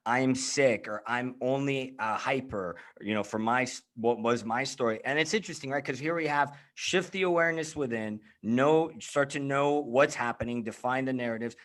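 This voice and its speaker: A man's voice: mid-range voice, fairly quick, few pauses, fairly bright tone. A man hosting a casual podcast conversation, talking in a reflective, searching way with frequent restarts. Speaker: host.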